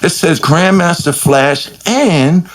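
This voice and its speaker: A man telling an animated, profane story as an interview guest and acting out the lines he quotes. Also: a little high, slow pace. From Queens, New York. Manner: profane, acts out quotes and records with shifting voice.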